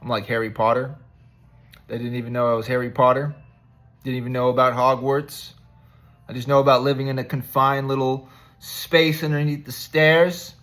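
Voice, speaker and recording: A man's voice: mid-range voice, moderate pace, a bit bright. A man giving a rambling, conversational devotional talk to his viewers, joking at himself as he encourages them. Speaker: vlogger giving spiritual encouragement.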